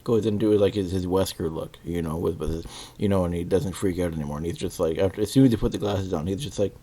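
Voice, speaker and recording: A man giving a casual, rambling spoken review, with many fillers, restarts and pauses while he searches for words. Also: sits low, mellow, breathy edge. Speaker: video reviewer.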